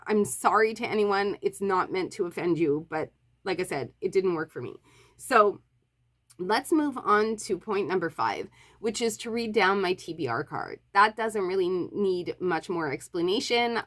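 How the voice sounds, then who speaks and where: Woman from Montreal, book vlogger, low voice, casual chat, apologetic, fillers and restarts. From Montreal, Canada.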